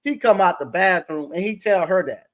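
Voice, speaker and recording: A man, an appliance repair business owner, telling stories in a casual interview with a halting, rambling delivery full of restarts. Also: high-pitched.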